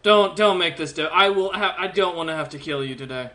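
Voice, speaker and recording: A man puts on a cranky old dwarf mage in a tabletop game. He scolds and grumbles at the party in a bright, fairly high voice. Every line sounds put-upon. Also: a little fast. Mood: exasperated. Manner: gruff, scolding, exasperated. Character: grumpy old giant horned dwarf mage leader, male.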